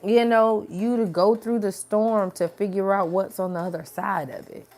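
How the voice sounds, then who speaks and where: A woman's voice: mid-range voice, steady tone, normal speed, darkish tone. A woman giving a casual spiritual pep talk to her viewers, chatty and colloquial, calling them y'all. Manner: acts out voices in quoted dialogue. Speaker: spiritual message creator.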